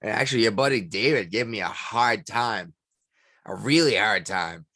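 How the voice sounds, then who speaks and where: A man co-hosting a casual podcast chat, blunt and quick to swear, hiccuping. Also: lowish voice, lively intonation, bright, forceful tone, no echo. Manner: blunt, swears freely, laughs while talking. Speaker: podcast co-host.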